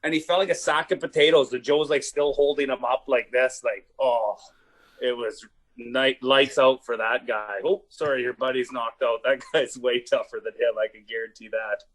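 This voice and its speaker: A man's voice: medium pitch, moderate pace. Laughing, swearing man telling fight stories. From Canada. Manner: animated, swearing, laughing storyteller. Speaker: comedian guest. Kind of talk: casual storytelling.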